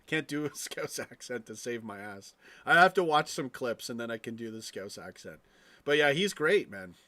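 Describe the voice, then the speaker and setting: A man's voice: medium pitch, fairly bright tone. Man ranting on a live stream. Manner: ranting, profane, frequent restarts; chatty asides to viewers. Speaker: fan channel live streamer. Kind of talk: casual live stream rant.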